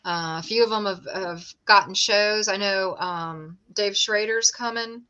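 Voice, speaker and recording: A ghost tour owner, middle-aged and here as a guest, keeps things casual, telling chatty stories and joking readily. Her mid-range voice sounds pushed and bright, with the top end cut off.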